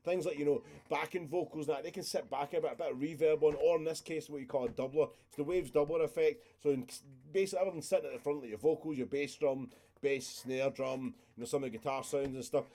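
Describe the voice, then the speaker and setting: A man's voice: on the high side, fairly even intonation, fast talker, warm tone. A man, casually walking through a music production session on a live stream, chatty and rambling with the odd swear word.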